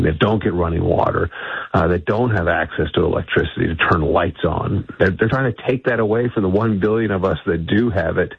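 A man speaking as a guest in a radio interview by phone, assertive and quick, often restarting his sentences. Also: deep voice, gravelly, slightly rough, dry recording. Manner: assertive, talks fast with frequent restarts. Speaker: guest, energy think tank executive. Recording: tinny dry phone line.

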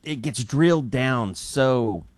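A man's voice: mid-range voice, animated, slow, dry recording. A man from Scotland co-hosting a studio chat, rambling and thinking aloud with many fillers.

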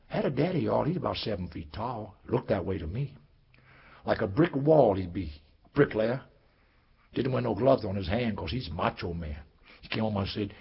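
A male storyteller with a very husky voice, performing in a rhythmic, rhyming, singsong way and calling out to his listeners. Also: on the low side, expressive, moderate pace. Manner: singsong, rhyming, calls out to the audience. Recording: dull lo-fi recording.

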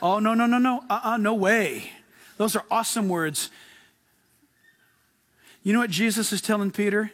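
Excitable high-voiced male pastor preaching. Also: moderate pace. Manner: casual, excitable, slangy preaching. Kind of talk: sermon.

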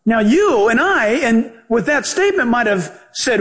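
High, lively male pastor preaching. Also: measured pace, hardly any pauses. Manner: animated, joking, acts out quoted voices. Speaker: pastor and Bible teacher. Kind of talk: sermon.

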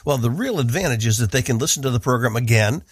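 A man's voice: mid-range voice, animated, breathy edge, no room sound, clean studio sound. Earnest male radio Bible teacher. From northeastern United States. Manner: measured, earnest, stresses key words. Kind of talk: scripted devotional teaching.

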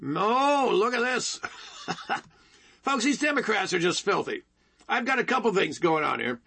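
High husky guy doing a political rant show, repeats himself a lot, keeps saying folks. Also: animated, a little slow, pushed and bright. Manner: emphatic and repetitive, keeps addressing listeners as folks. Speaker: political talk show host. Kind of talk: opinionated political commentary monologue.

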